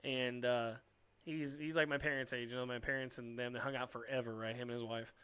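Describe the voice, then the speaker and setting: A man's voice: medium pitch, level tone, fairly quick, sharp tone, clear, resonant tone. A man, a comedian, in casual podcast chat, blunt and profane, fond of mimicking people's voices.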